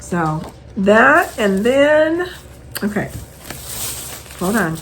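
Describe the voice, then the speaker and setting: Chatty woman with a lively voice. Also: on the high side, drawn-out words, a little hiss or hum, rough recording. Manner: chatty, rambling, animated storytelling. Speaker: host. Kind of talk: casual chat, showing purchases.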